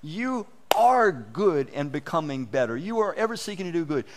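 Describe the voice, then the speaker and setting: A man's voice: fairly high pitch, normal speed, a little hiss or hum. A man giving a conversational, folksy sermon, acting out inner voices and often restarting his words. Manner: animated, acts out inner voices. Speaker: preacher.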